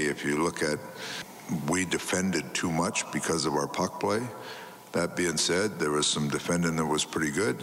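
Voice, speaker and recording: An older man, a hockey coach, talking through last night's game in a measured, plain-spoken way at a media session. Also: extremely low pitch, fairly bright tone. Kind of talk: post-practice media interview. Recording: clip with faint background noise.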